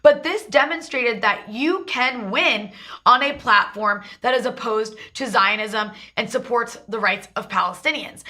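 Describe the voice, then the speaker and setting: Bright, emphatic woman talk-show host. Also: fairly high pitch. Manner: emphatic, talks in long run-on stretches. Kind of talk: political commentary.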